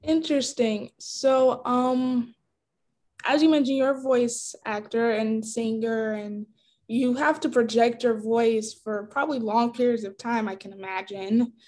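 A woman's voice: on the high side, steady tone, a little slow, darkish tone. A woman hosting a podcast interview, friendly and polite, asking questions with a few ums. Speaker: podcast host.

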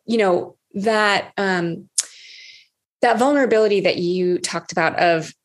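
A woman coach talking openly in a relaxed conversation. She is frank and swears freely, and she acts out the things she once said to herself. Her voice sits at an ordinary middle pitch. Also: measured pace. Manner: candid, swears freely, acts out her own past words. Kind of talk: casual conversation.

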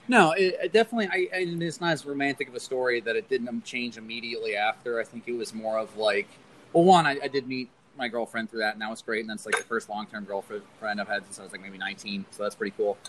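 A man's voice: mid-range voice, quick pace, a bit bright, a little hiss or hum, poor audio. A young man chatting casually as a podcast guest, laid-back and rambling, often laughing. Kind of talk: casual chat.

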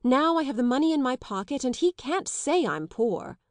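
A woman reading the part of an eager, anxious young gentleman in an audiobook, pleading and defiant in turn. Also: medium pitch, animated, moderate pace, no room sound, clean studio sound, close to an everyday voice. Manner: pleading, defiant, slightly raised voice.

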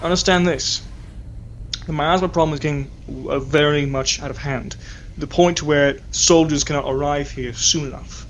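Southern-accented man, tabletop player, slightly high voice, faint background hiss. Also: steady tone, moderate pace. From Southern United States. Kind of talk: in-character tabletop play.

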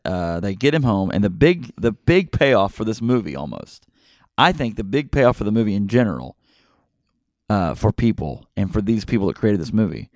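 A middle-aged man hosting a podcast, retelling a movie plot in a rambling, excitable way with many fillers and restarts. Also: lowish voice, dry recording, studio quality. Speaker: podcast host. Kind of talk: casual movie podcast chat.

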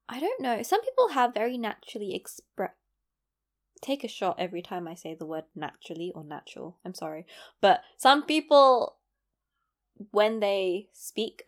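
A woman's voice: mid-range voice, fairly bright tone. Chatty young woman, self-deprecating. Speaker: aspiring voice actor. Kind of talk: casual chat to camera.

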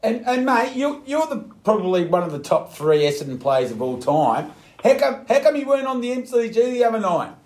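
An excitable Australian man hosts a radio chat, bantering and laughing along with his guest. His voice sits high for a man. The studio has a noticeable roomy echo. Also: fairly quick. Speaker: radio host. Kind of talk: casual radio interview.

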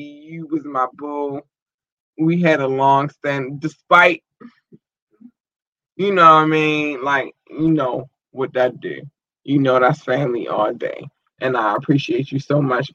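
A woman's voice: low voice, a bit bright, no echo. Heated, profane woman ranting on a livestream. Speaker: livestream host. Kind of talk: casual livestream rant. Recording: dull lo-fi stream audio.

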